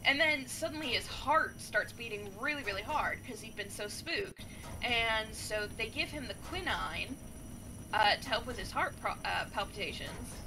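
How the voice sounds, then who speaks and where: A woman gaming streamer retelling a story in a chatty, animated way, with many fillers. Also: a little high, normal speed, over music. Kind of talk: casual storytelling while playing a game.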